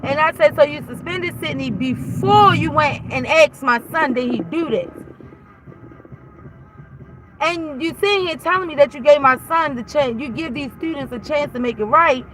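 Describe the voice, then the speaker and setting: A woman's voice: high-pitched, normal speed, a bit bright, a little hiss or hum, poor audio. A mother telling her viewers a story in a heated, blunt way, swearing freely as she retells a conversation. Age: adult. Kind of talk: casual storytime rant.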